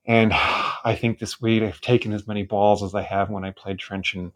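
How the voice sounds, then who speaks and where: A man from Minnesota leaves a relaxed, rambling voice message for his friends. His voice sits on the low side. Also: normal speed. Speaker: listener leaving a voice message. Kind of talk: casual voice message.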